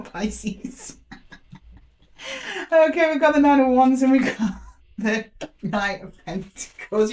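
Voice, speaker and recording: A woman giving a casual tarot reading, chatty and playful, laughing often and putting on quick voices for the universe. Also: mid-range voice, a little mellow. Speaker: tarot reader.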